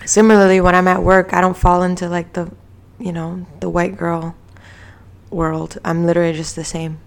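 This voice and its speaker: Woman, casual podcast chat, lowish pitch, laughing. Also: flat delivery, normal speed, gravelly.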